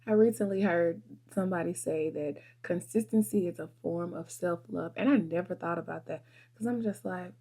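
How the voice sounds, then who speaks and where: A vlogger and photographer in her 30s sits at her desk and chats to camera, speaking earnestly and from the heart to her viewers. Her voice is fairly low, mellow, and breathy-edged, at a moderate pace.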